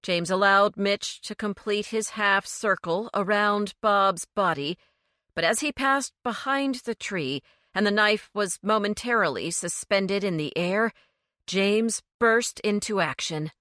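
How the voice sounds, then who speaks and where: A woman reads a cozy mystery audiobook from a script, telling the story in a steady, measured way. Her voice sits in the mid-range, and the studio-quality recording has no room sound.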